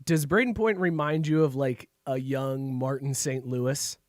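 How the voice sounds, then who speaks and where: A man's voice: mid-range voice, fairly even intonation, measured pace, no echo, clean studio sound. A man co-hosting a sports podcast, leading the segments with casual chat and frequent laughter. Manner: laughs often, leads segments. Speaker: podcast co-host.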